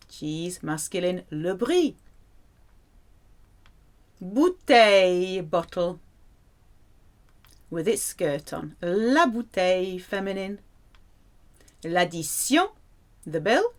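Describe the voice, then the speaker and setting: A woman teaching a French lesson in a playful way, saying the French words slowly and clearly. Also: fairly low pitch, big pitch swings, fairly bright tone. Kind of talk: language lesson to camera.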